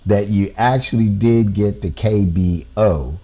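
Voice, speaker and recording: A man's voice: fairly low pitch, unhurried, dark tone, faint music behind. A man explaining a code on screen step by step, thinking aloud and often checking in with "right?". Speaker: amateur code-breaker.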